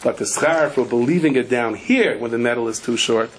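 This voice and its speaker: A man preaching as a rabbi, telling stories in an animated way and acting out the people in them. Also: medium pitch, a little fast, slight background noise. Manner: animated storyteller, acts out the people in his stories. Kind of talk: sermon with storytelling.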